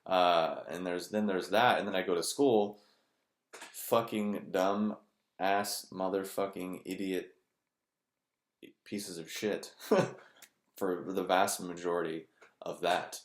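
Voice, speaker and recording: A man with a very deep voice speaks bluntly and profanely, with a sarcastic edge. He talks as if to the camera in a candid personal monologue. The sound has a roomy echo. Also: fairly even intonation, slow, long pauses. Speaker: vlogger.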